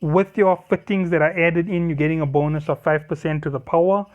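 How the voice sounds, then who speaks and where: A man's voice: a little high, fairly even intonation, brisk, phone-quality sound. A man walking through a game ship build in a casual, explanatory way, often correcting himself and apologizing along the way. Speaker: game guide creator.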